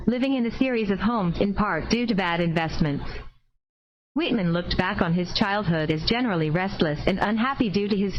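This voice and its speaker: A woman reading an encyclopedia article aloud in an even, careful voice. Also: mid-range voice, a little hiss or hum. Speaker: reader. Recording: slightly dull lo-fi recording.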